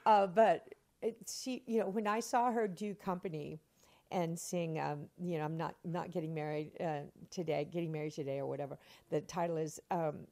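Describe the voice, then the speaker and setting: Older woman actress chatting in an interview, slightly low voice, animated and laughy. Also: normal speed. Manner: expressive, laughing often, acts out quotes. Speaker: interview guest, stage actress. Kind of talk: animated anecdotal storytelling.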